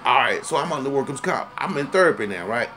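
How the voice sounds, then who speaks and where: A man's voice: mid-range voice, fast. A man delivering a comic rant, heated, profane and rambling, repeating himself for emphasis. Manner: animated, rising to loud indignant outbursts. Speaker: storyteller ranting to camera.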